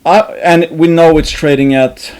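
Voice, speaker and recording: A man's voice: fairly high pitch, steady tone, a little slow, darkish tone, clean tone. A man hosting an investing channel, thinking aloud in a rambling way, with many restarts and fillers and some casual swearing.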